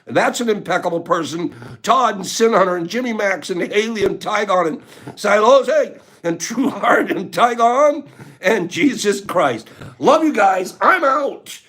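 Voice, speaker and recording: A man's voice: sits high, lively intonation, measured pace, a bit bright. A man hosting a casual livestream, joking with viewers, laughing often and greeting the chat by name. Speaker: livestream host.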